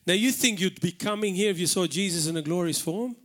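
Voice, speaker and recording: Speaking fast in a voice that sits high and sounds a bit bright, a Maltese pastor preaches at a live church hall service. His delivery is earnest and emphatic, with words repeated for stress.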